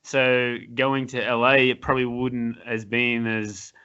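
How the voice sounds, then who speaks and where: A man's voice: mid-range voice, little pitch movement, unhurried, pushed and bright, clear, resonant tone, muffled recording. A man hosting a podcast, asking rambling questions with many restarts in casual chat. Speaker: podcast host.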